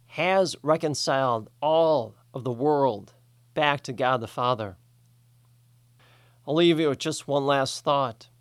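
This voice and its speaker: A man preaching a sermon in a slow, measured, deliberate way. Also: a little high, clean tone, no echo, clean studio sound.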